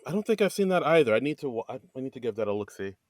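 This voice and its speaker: An easygoing man co-hosting a movie podcast, talking in a relaxed way that is full of fillers and quick reactions. His voice is recorded close and dry, with no room sound around it. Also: mid-range voice, no room sound. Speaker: podcast co-host. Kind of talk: casual chat.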